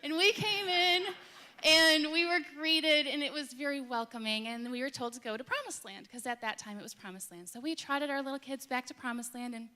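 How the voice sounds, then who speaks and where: A woman with a Midwestern American accent tells a personal story to a congregation, her voice high and bright. She acts out the voices in the story with lively energy. The sound rings through a large echoing church hall with a long reverb tail. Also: fairly quick. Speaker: middle school ministry director.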